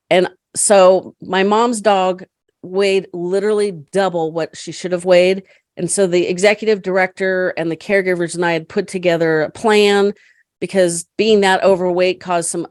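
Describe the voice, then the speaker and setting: A middle-aged woman, a podcast guest, chatting and telling stories in a lively way, laughing often. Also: mid-range voice, no room sound, clean studio sound. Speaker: podcast guest, caregiver advocate. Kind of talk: storytelling in casual conversation.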